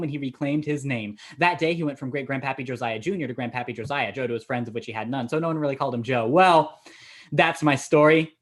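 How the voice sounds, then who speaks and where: A young actor playing a deadpan young man afraid of buildings, pedantic and rambling when he tells a story. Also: medium pitch, close to an everyday voice. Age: young adult. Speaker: actor in a student comedy sketch. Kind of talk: stage comedy dialogue.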